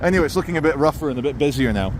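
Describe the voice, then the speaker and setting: A man's voice: a little high, animated, very fast, a little hiss or hum. A man walking through town streets and filming himself, giving wry, sarcastic running commentary as a YouTuber. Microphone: handheld camera mic while walking.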